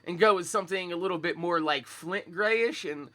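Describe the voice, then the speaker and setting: A young man, talking laid-back and profane in sneaker-head slang. His voice is high for a man and very bright and sharp, with a groggy morning roughness. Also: normal speed. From Philadelphia, USA. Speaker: sneaker vlogger. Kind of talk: casual chat to live viewers.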